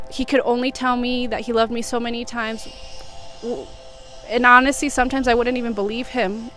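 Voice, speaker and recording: A young woman from the United States, talking through her feelings in a rambling, reflective confessional vlog from her home in Vietnam. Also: a little high. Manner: reflective, rambling, soft-spoken. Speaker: vlogger. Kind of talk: emotional confessional monologue.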